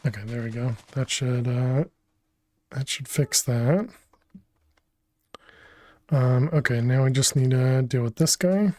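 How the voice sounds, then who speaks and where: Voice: mid-range voice, slow, pauses often, dark tone, dry recording. A game streamer talking through a build during a live stream, muttering and restarting sentences as they think aloud, from a home room on a desk microphone. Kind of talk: casual live-stream gameplay commentary.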